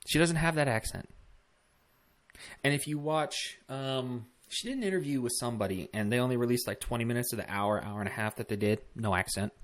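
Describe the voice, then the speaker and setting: A man's voice: mid-range voice, fairly quick. A man hosting a casual political commentary vlog, talking bluntly with swearing and rambling asides. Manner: blunt, profane, rambling with fillers.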